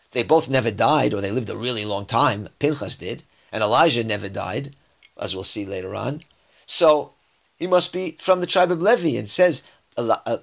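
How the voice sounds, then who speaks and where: A man's voice: mid-range voice, creaky, fairly bright tone. A man giving a verse-by-verse scripture lesson. He reads Hebrew verses aloud and then explains them in English, often restarting his sentences. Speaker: Bible teacher.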